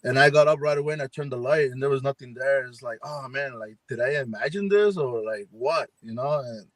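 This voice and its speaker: On a video call, a man who investigates the paranormal spins a rambling ghost story in a casual live chat, voicing other people's lines and leaning heavily on fillers. His voice is medium-pitched and brisk, and the recording is dry.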